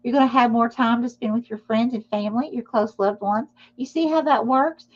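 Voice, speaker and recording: A woman's voice: a little high, brisk, muffled recording. A woman giving a live tarot reading, speaking reassuringly and often checking in with "okay?". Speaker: tarot reader.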